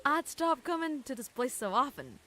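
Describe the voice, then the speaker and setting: A woman voicing an easygoing, joking male police officer with a slow, gruff drawl in a game. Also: high-pitched, sing-song, sharp tone, heavily acted. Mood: wry.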